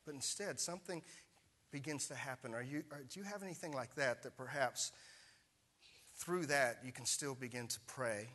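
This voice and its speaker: A man's voice: mid-range voice, moderate pace, sharp tone. A middle-aged male pastor preaching a sermon, telling a personal story in a conversational way and asking the congregation questions.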